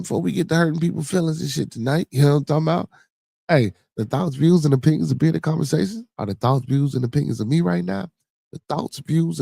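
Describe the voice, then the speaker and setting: A man's voice: mid-range voice, gravelly, dark tone, no echo, studio quality. Slangy man hosting a livestream. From Chicago. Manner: slangy, repeats catchphrases in threes. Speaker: podcast host. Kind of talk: casual livestream chat.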